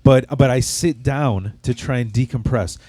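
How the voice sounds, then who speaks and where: A man's voice: mid-range voice, normal speed, warm tone, no room sound. Male podcast host, foul-mouthed storyteller, dry studio sound. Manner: profane, rambling comic storytelling. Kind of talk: casual storytelling chat. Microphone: studio microphone.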